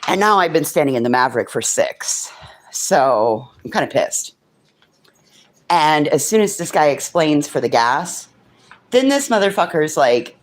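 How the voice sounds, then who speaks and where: A woman's voice: deep voice, very animated, a little slow. A woman chatting casually on her livestream, telling stories and swearing freely. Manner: coos softly over a child's craft. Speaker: livestream host.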